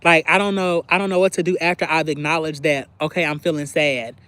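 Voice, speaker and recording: In a dry recording, a woman with a low voice, fairly bright tone, and steady delivery speaks briskly while hosting a livestream. She reacts casually to viewers, opening up confessionally and using lots of filler words.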